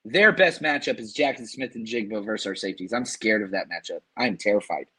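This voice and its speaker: A man hosting a sports podcast, excitedly talking through matchups and reading fan comments, his voice strained from screaming. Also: lowish voice, quick pace, breathy edge. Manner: hyped, animated, reads fan super chats. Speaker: podcast host.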